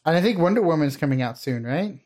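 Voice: medium pitch, animated, fast, darkish tone. A speaker in casual conversation about films, dry and wry, steering the talk along. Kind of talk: casual movie chat.

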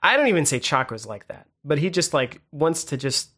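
A man in casual conversation about films, rambling with halting restarts and fillers. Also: a little high, very animated, a bit bright, slightly rough. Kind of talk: casual movie chat.

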